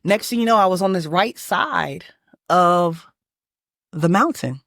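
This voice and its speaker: Animated Texan woman telling a story. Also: fairly low pitch, measured pace, gravelly, dry recording, clean studio sound. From Texas. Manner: animated, emphatic, lots of restarts and fillers. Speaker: manifestation channel host. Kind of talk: casual personal storytelling.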